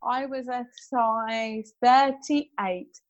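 Excitable woman telling stories. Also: on the high side, very slow, lo-fi sound. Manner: excitable storyteller, quotes people. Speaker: guest. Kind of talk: casual chat.

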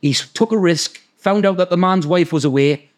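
A man with a Geordie accent, hosting a podcast and telling a story in a sweary, animated way. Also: high voice, normal speed. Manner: sweary, animated, acts out the people in his stories. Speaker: podcast host. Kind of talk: casual storytelling.

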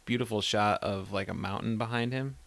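A man's voice: fairly low pitch, fairly even intonation, fairly quick, gravelly, fairly bright tone, no room sound. A man co-hosting a casual podcast chat about a film, talking hesitantly and often trailing off. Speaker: podcast co-host discussing a film.

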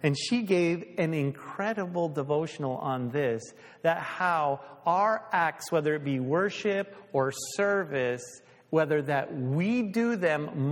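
A man's voice: on the high side, big-room sound. A male pastor preaching a sermon in a conversational way, asking the congregation questions.

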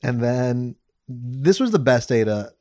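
A man's voice: medium pitch, expressive, takes it slowly, warm tone. A young man co-hosting a podcast, telling a story in casual chat, laughing and mocking himself. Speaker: podcast co-host.

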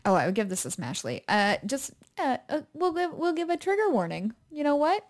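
A woman's voice: high-pitched, brisk. A young woman co-hosting a podcast in casual chat, laughing often as she talks. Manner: giggly, animated, laughs often. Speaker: podcast co-host.

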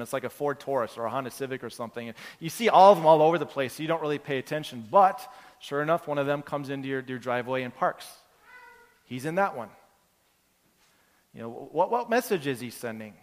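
Guy preaching in a church, casual and earnest, restarts a lot, big hall echo. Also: medium pitch. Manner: conversational, earnest, with restarts and everyday examples. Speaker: pastor. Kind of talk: sermon. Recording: long hall reverb.

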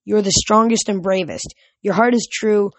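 A woman voicing an ancient, fading nature god who speaks slowly and solemnly. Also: mid-range voice, dry recording, close to an everyday voice. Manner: slow, solemn, forlorn.

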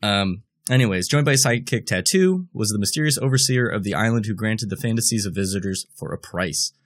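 A man co-hosting a casual podcast in a lowish voice. He reads news aloud haltingly, stumbling through restarts and fillers. He slips in jokes as he goes. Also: lively intonation, no room sound, clean studio sound. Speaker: podcast co-host.

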